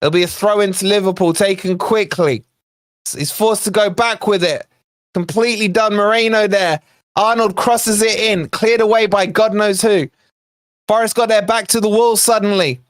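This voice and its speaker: A man hosting a live football watch-along for a fan channel, narrating the play in a chatty way, talking to his viewers and breaking into excited shouts at near misses. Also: high voice, normal speed, no echo, clean studio sound. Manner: excitable, bursts into shouts at chances then calms; chatty asides to viewers in the chat.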